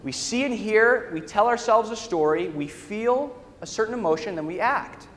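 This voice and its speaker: A man's voice: sits high, animated, normal speed, fairly bright tone, slight background noise. A man, a workshop trainer, telling a story to a live audience in a large lecture hall and often checking in with his listeners. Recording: echoey hall with faint ambience.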